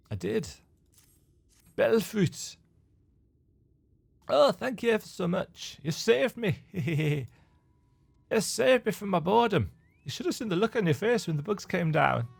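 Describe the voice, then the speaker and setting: A man's voice: high voice, creaky, slightly rough, no echo, pitched above the performer's own voice, full character voice. A man voicing a mischievous, fun-loving pixie fairy in a video game, reading its lines aloud in a sing-song, teasing way with an attempted Scottish lilt.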